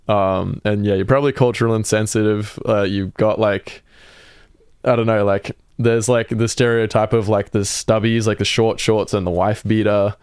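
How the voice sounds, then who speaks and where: A man's voice: lowish voice, steady tone, normal speed, a little mellow, smooth, dry recording, clean studio sound. A young Australian man with an Australian accent, co-hosting a podcast in casual chat and explaining slang with easy laughs. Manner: laid-back, laughs often, explains slang. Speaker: podcast co-host.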